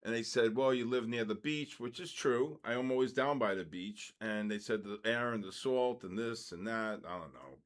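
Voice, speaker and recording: Older New trader hosting a live session, rambles and rants between market calls. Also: male voice, mid-range voice, normal speed, few pauses. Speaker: trading session host. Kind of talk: casual live trading commentary.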